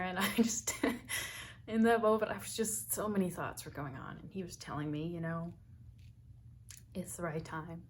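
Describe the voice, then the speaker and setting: A young American woman, talkative and quick to laugh, telling a personal story in a vlog. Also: lowish voice, a little hiss or hum. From United States. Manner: chatty and talkative, laughs often. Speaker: vlogger.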